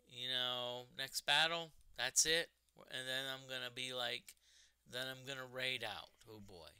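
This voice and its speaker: A man streamer chatting casually while gaming, rambling and halting, often repeating his words. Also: mid-range voice, sharp tone, clean tone, dry recording.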